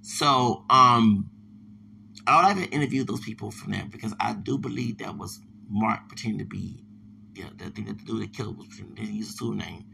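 A man's voice: on the low side, fairly quick, gravelly, pushed and bright, slight background noise. A man, talking in a digressive, repetitive podcast monologue full of stumbling restarts.

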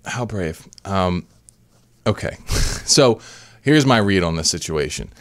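A man's voice: low-pitched, very animated, slow pace, no room sound. A man hosting a podcast, commenting in a rambling, casual way with frequent restarts. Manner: rambling, self-correcting, repeats words. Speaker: podcast host.

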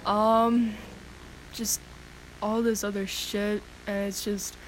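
A woman's voice: mid-range voice, level tone, slow, slight background noise, poor audio. A woman hosting a podcast, chatting candidly with casual swearing, her voice cracking, then reading her own poem.

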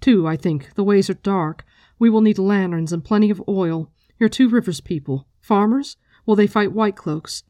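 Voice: medium pitch, moderate pace, mellow, no echo, natural voice. A reader voicing a fierce, impatient young noblewoman who presses questions and brushes off objections. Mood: brisk.

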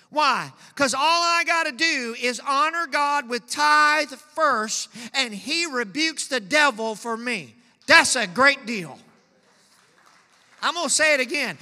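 A man's voice: very high voice, animated, normal speed, sharp tone, long reverb tail. A male pastor preaching a sermon in a church, reading scripture and calling out to the congregation with growing fervor. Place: church sanctuary.

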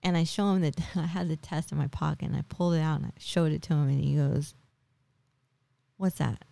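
A woman's voice: low-pitched, steady tone, quick pace, gravelly, mellow, dry recording. A woman in her forties hosting a podcast, telling a personal story in a chatty, casual way full of tag questions and fillers. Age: 40s. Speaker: podcast host.

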